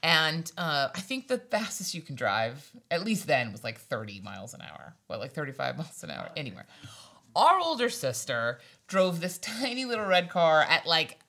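A woman's voice: sits low, huge pitch swings, normal speed, fairly bright tone. A young woman from Hawaii telling a story from her past in a casual way, laughing often and acting out the people in it. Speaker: storytelling guest.

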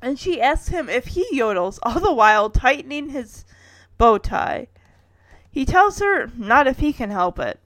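A woman's voice: high-pitched, big pitch swings, a little slow, a bit bright, dry recording. A woman in her thirties casually recapping a TV episode, with wry personal asides and chuckles.

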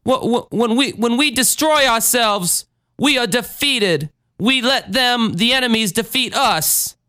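A faltering churchgoer stammers slowly through his words, as a man reads him. The voice is pitched well above the reader's own and sounds bright. The recording is dry. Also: no room sound, full character voice. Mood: halting. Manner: stammering, halting. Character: faltering male church member.

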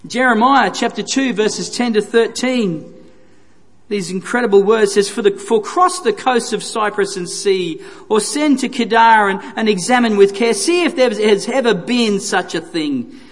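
A man's voice: high-pitched, a little slow. A man preaching a sermon, earnest and emphatic, repeating phrases for stress. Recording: reverberant hall.

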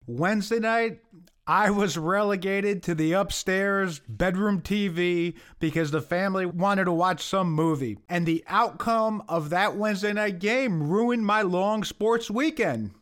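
High-voiced man with wry sports chat. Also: fairly bright tone, clean tone. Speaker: podcast co-host. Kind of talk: casual sports podcast chat.

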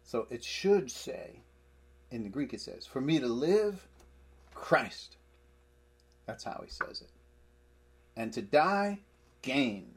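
Man, husky voice, Bible study teacher, emphatic, explains verse by verse, everyday examples. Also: on the low side, a little mellow.

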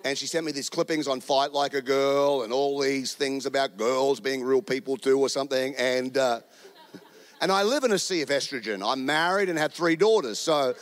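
A middle-aged Australian man preaching a sermon as a guest speaker, an animated storyteller who jokes and throws in quick asides. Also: medium pitch.

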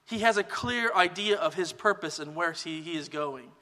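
A man preaching a sermon as pastor, in a relaxed conversational teaching manner. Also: on the high side, moderate pace, big-room sound. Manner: relaxed conversational teaching, many "kind of" hedges.

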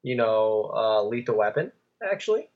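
A man's voice: fairly low pitch, very animated, normal speed, lo-fi sound. A young man in college, co-hosting a podcast in casual chat, rambling with lots of fillers. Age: young adult. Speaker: podcast co-host.

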